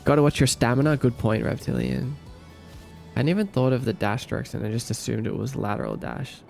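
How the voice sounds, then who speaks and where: A man's voice: mid-range voice, huge pitch swings, a little fast, gravelly, darkish tone, soft background music. A young man with an Australian accent hosting a casual livestream, reading viewer comments aloud and answering them in a playful, easygoing way. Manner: playful and easygoing, answers chat with light joking.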